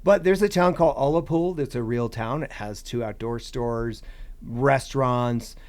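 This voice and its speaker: A man's voice: mid-range voice, normal speed, darkish tone. A man chatting as a podcast guest about long-distance hiking, rambling with restarts and "you know". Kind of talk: casual podcast chat.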